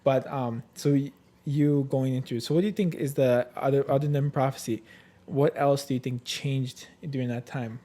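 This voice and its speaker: A man's voice: mid-range voice, steady tone, normal speed, warm tone. A man hosting a faith podcast, talking casually and searching for words with many fillers and restarts. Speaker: podcast host.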